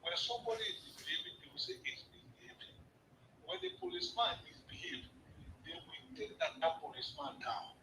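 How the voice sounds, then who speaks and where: A man's voice: extremely high pitch, huge pitch swings, a little fast, pushed and bright, recorded from a distance, a little hiss or hum, low-quality recording. A Nigerian man calling in to a talk show, lecturing emphatically. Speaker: caller. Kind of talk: call-in opinion.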